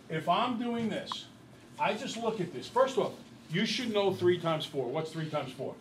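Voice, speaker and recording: A high-pitched man at a moderate pace teaches math by telling a long story and quizzing the class throughout, lively and chatty in manner. There's slight background noise, and the recording quality is low.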